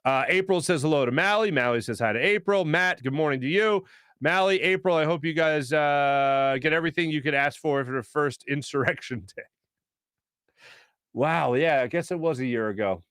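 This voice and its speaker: A man's voice: a little high, normal speed, a bit bright, clean tone, no echo. A man hosting a casual sports talk show from a studio, joking, laughing often and reading out viewer comments with fired-up opinions.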